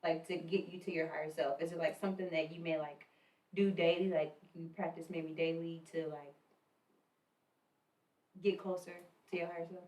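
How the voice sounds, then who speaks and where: A woman's voice: sits low, level tone, moderate pace, darkish tone, echoey room, recorded from a distance, poor audio. A woman hosting a podcast, chatting in a laid-back, encouraging way with casual slang. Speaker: podcast host.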